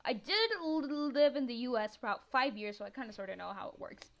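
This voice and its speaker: Chatty excitable teen girl from Mexico. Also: fairly high pitch, quick pace. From northern Mexico. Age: teens. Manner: chatty, excitable, swears freely, laughs often. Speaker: gaming vlogger. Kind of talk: casual storytelling voiceover.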